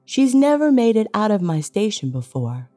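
A woman's voice: medium pitch, big pitch swings, moderate pace, mellow, soft background music, pitched above the performer's own voice, close to an everyday voice. A woman voicing a scheming male villain with a cold, sneering, taunting manner in an audiobook. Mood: menacing.

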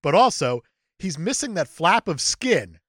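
A man's voice: high-pitched, very animated, a little slow, fairly bright tone, no room sound. A man co-hosting a podcast, chatting jokily about a film and saying "like" a lot. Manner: jokey, says "like" a lot. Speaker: podcast co-host. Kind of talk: casual chat about a film.

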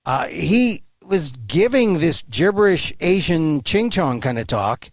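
A man speaking as a guest over a remote call, emphatic and animated, with halting restarts. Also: fairly high pitch, no room sound. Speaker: guest commentator. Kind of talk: remote interview.

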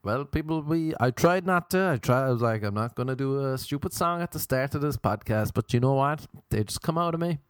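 A man's voice: medium pitch, animated, fairly quick, hardly any pauses, smooth, dry recording. Guy rambling on his podcast, voice bouncing all over, super dry close sound. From Ireland. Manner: playful, rambling, jokey with sudden sung and silly voices. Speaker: podcast host. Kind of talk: casual solo podcast monologue.

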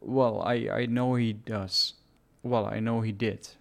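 Gravelly man, hesitant casual talk. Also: on the low side, steady tone, unhurried. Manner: hesitant, lots of uh fillers, laughs easily. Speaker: podcast co-host. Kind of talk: casual chat while gaming.

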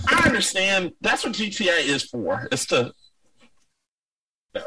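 A man hosting a casual chat with friends, animated, laughing often and swearing freely. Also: high voice, unhurried, distant mic, low-quality recording. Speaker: podcast host.

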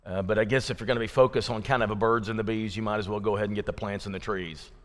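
A man's voice: on the low side, fairly even intonation, rapid-fire. A man preaching a sermon in a folksy, joking, conversational way to his congregation in a church. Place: church sanctuary. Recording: long reverb of a church hall.

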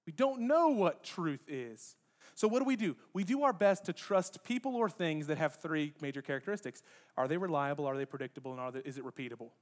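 A pastor with a noticeably high voice for a man preaches in a casual, conversational way. He talks straight to the congregation, slipping in playful jokes between points. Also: a little fast. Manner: lively, joking asides to the congregation. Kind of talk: conversational sermon. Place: church sanctuary.

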